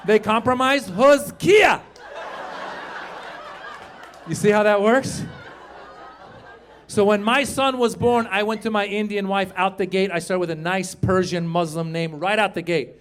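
Animated comedian guy from iran on a club stage, highish voice, live recording, light noise in the room. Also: moderate pace. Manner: animated, shouting punchlines, acting out characters. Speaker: stand-up comedian. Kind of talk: stand-up comedy set.

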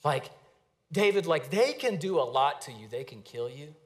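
A man in his thirties preaching a sermon in a conversational, storytelling way with lively asides. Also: on the high side, normal speed. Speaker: pastor.

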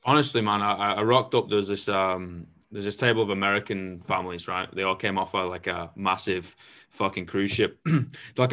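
Man, young, lowish voice, bright tone, casual swearing chat. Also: brisk. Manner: swearing, storytelling, animated. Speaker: host.

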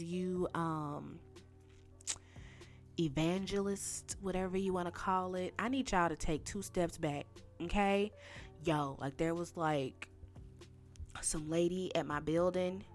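A woman hosting a podcast, ranting casually and talking straight to her listeners in animated, slangy speech. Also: on the low side. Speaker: podcast host.

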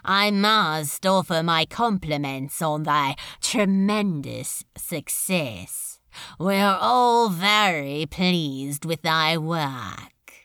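Woman doing a menacing male demon lord for an audiobook, slow archaic menace. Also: lively intonation, fairly bright tone, smooth, no echo, clean studio sound, full character voice. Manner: slow, archaic formal speech, low and measured. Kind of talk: audiobook reading of fan fiction.

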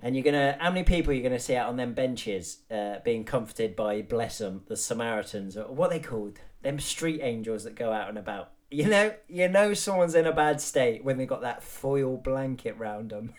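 A man's voice: medium pitch, big pitch swings, normal speed. A man hosting a podcast, delivering a rambling comic monologue full of swearing and matey banter. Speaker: podcast host.

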